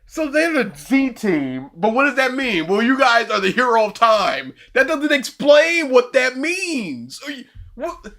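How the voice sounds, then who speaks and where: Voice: sits high, very animated, a little slow, fairly bright tone. A co-host of a live reaction stream, making sarcastic, mocking comments.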